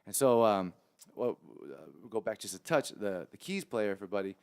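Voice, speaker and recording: A man's voice: fairly low pitch, moderate pace, clear, resonant tone. A man from Long Beach, California, a musician guest telling a story in a casual interview and acting out the people he quotes. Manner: animated storyteller who acts out the people he quotes.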